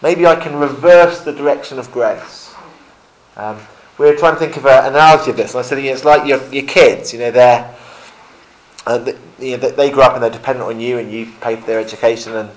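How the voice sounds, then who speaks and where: A middle-aged man leading an informal Bible study, chatty, often correcting himself and growing animated in places. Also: mid-range voice, quick pace, rough recording.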